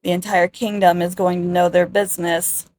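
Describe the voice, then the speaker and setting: A woman's voice: lowish voice, flat delivery, moderate pace, darkish tone, dry recording. A woman giving casual, wry let's-play narration over a life-sim game. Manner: chatty, wry commentary on the game. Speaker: gameplay narrator.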